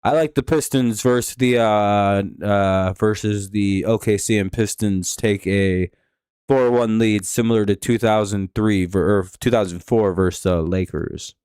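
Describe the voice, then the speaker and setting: Man, live stream host, casual game commentary, rambling, swears, smooth clear voice, dry close sound. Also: lowish voice, steady tone, measured pace, darkish tone, dry recording. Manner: rambling, profane, offhand.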